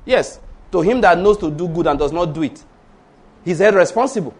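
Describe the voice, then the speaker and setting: A man preaching a storytelling sermon, swinging between hushed asides and loud exclamations. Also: high voice, animated, a little fast, breathy edge.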